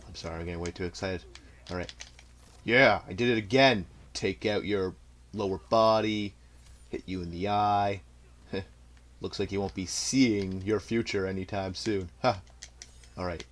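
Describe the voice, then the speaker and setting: A young gameplay commentator with a fairly low voice narrates his own fighting-game match live, swinging between muttered asides and bursts of trash talk. He laughs at his own jokes while keyboard typing sounds in the background. His pace is moderate, broken by long pauses.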